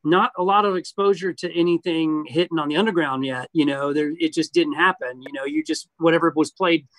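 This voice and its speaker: A man's voice: on the high side, brisk, no room sound. A man from Georgia, casually and candidly reminiscing as an interview guest. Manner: relaxed, candid, profane reminiscing. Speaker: guest musician.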